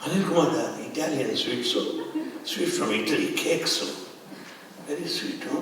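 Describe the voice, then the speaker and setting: A man's voice: fairly high pitch, expressive, brisk, background noise. An older man with a Telugu Indian accent tells stories to an audience, acting out dialogue and laughing often. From Andhra Pradesh, India. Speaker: speaker recounting spiritual experiences. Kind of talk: storytelling talk to an audience. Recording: distant mic in a reverberant hall, faint ambience.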